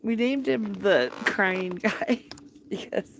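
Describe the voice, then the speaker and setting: Slow, gravelly middle-aged woman by a campfire. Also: mid-range voice, background noise. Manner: rambling, laughs often mid-sentence. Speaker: livestreamer. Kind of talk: casual storytelling. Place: outdoors at a campfire at night. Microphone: phone live stream.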